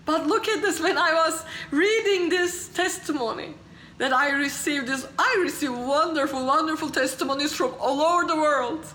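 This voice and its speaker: High, bright-voiced passionate woman preacher. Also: moderate pace, roomy sound, a little hiss or hum, poor audio. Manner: passionate, swings from hushed to exclaiming, laughs through tears. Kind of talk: sermon with testimony storytelling.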